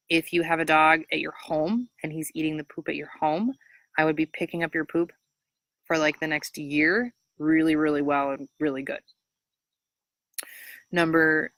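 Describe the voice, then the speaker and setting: A woman dog trainer from Minnesota giving casual, chatty training advice, full of fillers, jumping up high when she imitates praising a dog. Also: no room sound. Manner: chatty, frequent fillers, animated high-pitched voice when quoting praise to dogs.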